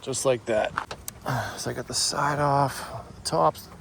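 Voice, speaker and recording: A man's voice: medium pitch, steady tone, unhurried, gravelly, a bit bright, slight background noise. A man with a Boston accent, casually walking viewers through a hands-on car job with chatty, joking asides. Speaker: DIY tutorial host. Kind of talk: casual how-to walkthrough.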